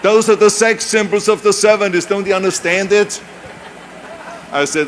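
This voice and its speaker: A man in his seventies with a high voice speaks at normal speed over slight background noise. A native German speaker from Europe with a German accent, he delivers an emphatic motivational speech at a university event, full of anecdotes and self-mocking humor.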